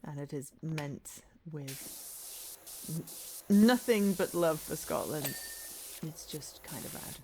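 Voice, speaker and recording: Chatty low-voiced woman streaming a game. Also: animated, measured pace, darkish tone, a little hiss or hum. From not American. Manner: chatty, self-deprecating, laughs often. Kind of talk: casual gameplay chat with viewers.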